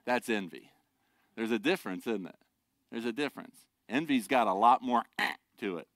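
A man's voice: mid-range voice, lively intonation, moderate pace, fairly bright tone, no room sound. A middle-aged man preaching a sermon, a pastor who talks conversationally and jokes with the congregation. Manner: conversational, joking asides to the congregation.

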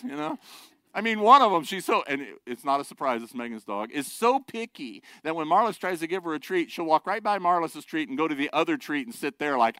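A man's voice: fairly high pitch, pushed and bright, no room sound. A middle-aged man preaching a sermon, a pastor who talks conversationally and jokes with the congregation. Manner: conversational, joking asides to the congregation.

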